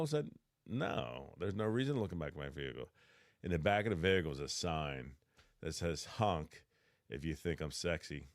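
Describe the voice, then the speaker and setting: A middle-aged man, a podcast host and electrician trainer, telling stories in a casual, animated way, stammering, laughing and acting out quotes in a raised voice. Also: sits low, no room sound, studio quality. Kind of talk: casual storytelling.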